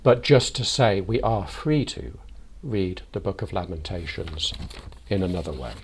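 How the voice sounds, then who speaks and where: A parish priest giving a measured, thoughtful reflection as a sermon. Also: male voice, fairly low pitch, breathy edge. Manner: measured, thoughtful, deliberate delivery.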